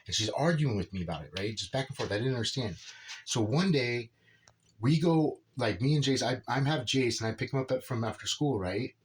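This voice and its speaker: A man's voice: mid-range voice, lively intonation, a little fast, a little hiss or hum. A man rambling casually through a personal story about his son, filling his talk with "right?" and "dude". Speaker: father telling a personal story.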